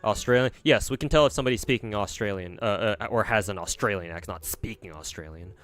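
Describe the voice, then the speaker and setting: A man's voice: fairly low pitch, fast talker, fairly bright tone, faint music behind. A young man chatting casually as a streamer, answering viewers with lots of fillers and restarts. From United States. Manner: rambling, many fillers and restarts.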